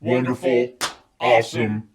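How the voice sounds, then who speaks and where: A man's voice: medium pitch, little pitch movement, unhurried, distant mic, over a noisy crowd. A young man giving a casual, irreverent movie review and swearing freely.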